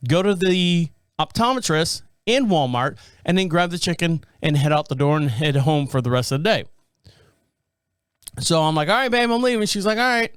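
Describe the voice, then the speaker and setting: A man's voice: high-pitched, clear, resonant tone, no echo. A middle-aged man hosting a podcast, telling a rambling everyday story in a casual way and acting out the people he quotes. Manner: rambling anecdotal delivery, acts out quoted people. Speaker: podcast host.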